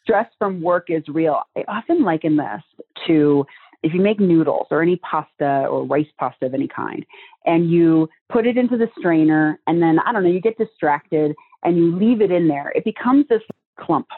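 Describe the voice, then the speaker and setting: Husky woman on a tinny phone line. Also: sits low, lively intonation, normal speed. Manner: earnest, reflective, uses vivid everyday images. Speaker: guest, communication trainer. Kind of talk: podcast conversation.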